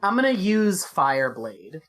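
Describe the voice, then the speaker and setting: A woman with a notably low voice, playing her turn in a tabletop game. She talks casually and eagerly, tossing in swear words. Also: sing-song, a little slow. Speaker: player.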